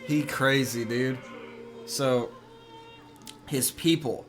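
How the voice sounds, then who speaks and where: A man's voice: medium pitch, extremely slow. A young man chatting casually and telling rambling stories while he streams a game from home. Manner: relaxed, rambling storytelling. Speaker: live streamer. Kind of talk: casual chat while gaming. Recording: music playing behind.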